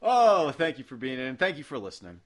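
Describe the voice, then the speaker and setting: A man's voice: mid-range voice, sing-song, fairly quick. A man hosting a comedy podcast, playful and laughing often as he talks with a caller. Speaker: podcast host.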